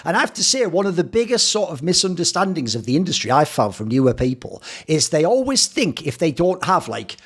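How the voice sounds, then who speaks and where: A man hosting a casual interview, reacting excitably and swearing now and then. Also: on the high side, brisk, hardly any pauses, slightly rough. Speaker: interview host.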